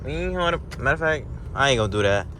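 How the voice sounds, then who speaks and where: Young guy talking to his viewers while he drives, lots of slang, mid-pitched, light car noise. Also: rapid-fire. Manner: slangy, talks straight to viewers, gets loud and excited when accelerating. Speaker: car vlogger. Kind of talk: casual POV driving commentary. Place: inside a moving car. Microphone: camera mounted in car. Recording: faint road noise in car.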